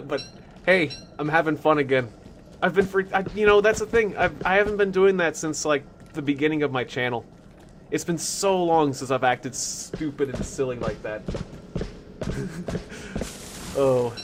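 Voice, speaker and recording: A man's voice: a little high, normal speed, pauses often, slight background noise. A man hosting a game live stream, chatting playfully with viewers and laughing often. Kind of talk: casual live stream chat.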